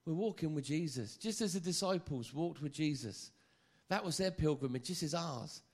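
A man preaching a sermon, lively and joking, often stammering and repeating phrases. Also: a little high, moderate pace, breathy edge.

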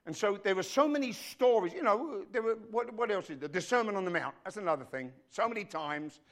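A man preaching a sermon in church as the pastor, emphatic, dropping to a hush and rising to loud, speaking straight to his congregation. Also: high-pitched, expressive, brisk. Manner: emphatic, swinging between hushed and loud; addresses the congregation directly.

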